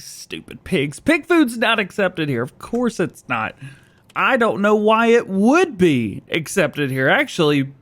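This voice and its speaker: A man's voice: fairly high pitch, fairly bright tone. A man giving casual, chatty commentary while playing a farming game, joking with himself and laughing often, a little out of breath early in the morning. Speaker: gaming YouTuber. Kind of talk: casual let's-play commentary.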